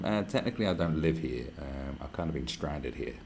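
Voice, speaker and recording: Very deep male streamer, casual, sweary, rambling. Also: animated, fairly quick, vocal fry, darkish tone, slight background noise. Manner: rambling, profane, chatty. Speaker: live streamer. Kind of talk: casual livestream chat. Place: where he is staying, not his home.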